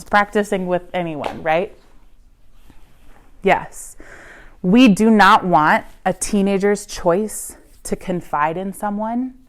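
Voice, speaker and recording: Woman, student pastor, lowish voice, earnest coaching talk to parents, keeps asking "right?". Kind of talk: church class presentation to parents.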